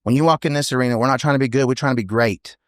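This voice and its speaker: A man, a podcast guest telling blunt, rapid stories in casual chat. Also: medium pitch, no echo, studio quality. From United States. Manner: blunt, fast storytelling with many "you know what I mean"s. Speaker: podcast guest, team roper.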